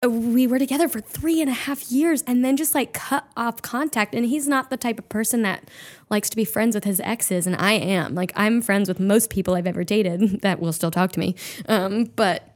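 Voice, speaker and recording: A woman's voice: a little high, moderate pace. A woman comedian guest in casual chat, who swears freely and laughs as she tells an emotional story.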